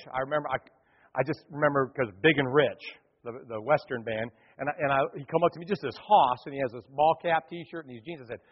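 A man preaching a sermon to a congregation, telling a story with lively acted-out crowd voices. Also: on the high side, slightly rough. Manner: animated, acts out crowd voices. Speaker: pastor. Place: church hall. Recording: dull lo-fi hall recording.

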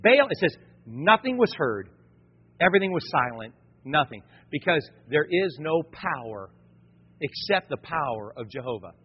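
A man preaching a lively sermon as pastor, dropping into casual slang and talking straight to the congregation. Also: fairly high pitch, normal speed, breathy edge. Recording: reverberant, dull lo-fi sound.

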